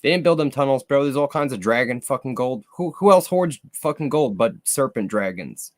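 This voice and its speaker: A man's voice: mid-range voice, lively intonation, normal speed, no echo. A man in casual podcast chat, talking profanely and emphatically, often checking in with his listeners. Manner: profane, emphatic, keeps checking in with "you know what I mean". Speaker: podcast co-host.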